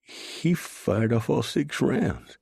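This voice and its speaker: A male narrator voicing a saucy young woman held captive, raising his voice high and speaking with mocking confidence. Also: big pitch swings, very slow, gravelly, a little mellow, husky, dry recording, studio quality, full character voice. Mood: hopeful.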